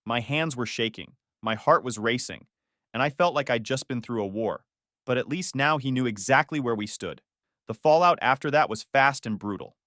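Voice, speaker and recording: A man's voice: medium pitch, normal speed, a bit bright, no echo, studio quality. A man narrating a dramatic personal story in the first person, telling it with emotion and heat. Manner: emotional, with angry outbursts in quoted lines.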